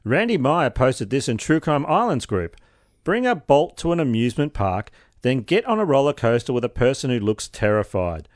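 Joking male co-host, lively, varied delivery, dry close sound. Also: medium pitch, no room sound. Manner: playful, quick to joke. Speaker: podcast co-host. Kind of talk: casual podcast chat.

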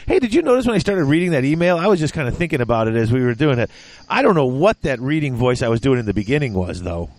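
A man's voice: mid-range voice, very animated, fast, a little mellow, dry recording. A man hosting a hobby gaming podcast, joking and teasing his co-host in casual chat.

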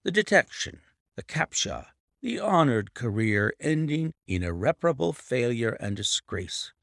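A middle-aged man narrating a classic story in the first person, unhurried and expressive. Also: mid-range voice, gravelly, no room sound, clean studio sound. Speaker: audiobook narrator.

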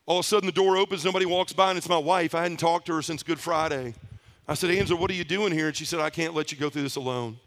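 A man's voice: high-pitched, steady tone, very fast, a bit bright. A middle-aged man giving a personal testimony at a conference, telling his story in a heartfelt way, often in the present tense. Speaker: conference speaker. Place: conference hall stage.

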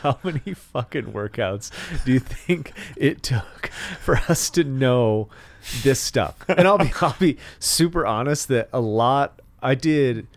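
A man's voice: medium pitch, animated, a little slow. A man co-hosting a podcast in casual conversation, frank and reflective, swearing casually. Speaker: podcast co-host.

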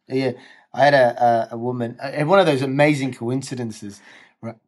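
A male comedian guest telling lively anecdotes in casual chat, often breaking into laughter. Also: mid-range voice, moderate pace. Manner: animated anecdotes, frequent laughter.

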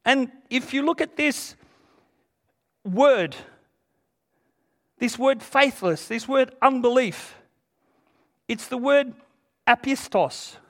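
A man with a strikingly high-pitched voice preaches an earnest, emphatic sermon. He retells scripture in plain, everyday words for his congregation. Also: lively intonation, slow, long pauses, fairly bright tone.

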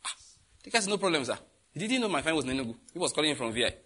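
A middle-aged Nigerian man preaching, telling a lively story and acting out the voices of the people in it, laughing often. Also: a little high, very fast, slight background noise. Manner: animated, acts out voices in anecdotes, laughs often. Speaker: pastor. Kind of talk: storytelling sermon.

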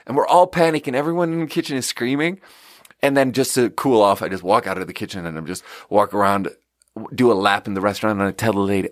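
Animated man telling a kitchen story. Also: fairly quick, dry recording, studio quality. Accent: Swedish. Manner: animated, rises to high shouting when quoting the kitchen. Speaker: podcast host. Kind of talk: casual storytelling.

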